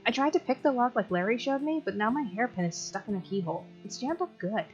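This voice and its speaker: A practical teenage girl, as a woman voices her, speaking plainly and a bit flustered. Her voice is fairly high and lively, on a dull lo-fi recording. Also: fast talker, soft background music, lightly acted.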